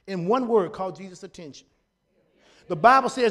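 A man preaching a sermon in a lively, folksy style, building up to shouts. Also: high-pitched, normal speed. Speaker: pastor.

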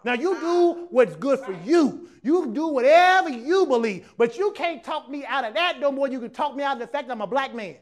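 A man preaching a lively sermon to a church congregation, talking casually and acting out other people's voices as he goes. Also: very high-pitched, moderate pace, hardly any pauses. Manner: animated preaching, acts out quoted voices, casual dialect. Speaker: pastor.

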